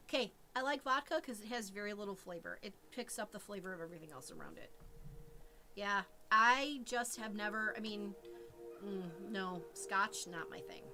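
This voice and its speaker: Opinionated, teasing woman co-host in casual chat, mid pitch, music in the background.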